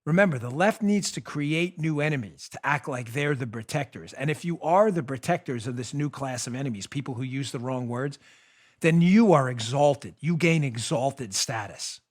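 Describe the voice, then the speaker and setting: A man hosting a political commentary show, talking in an animated, mocking, rant-like way into a studio microphone. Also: mid-range voice, normal speed. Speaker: show host.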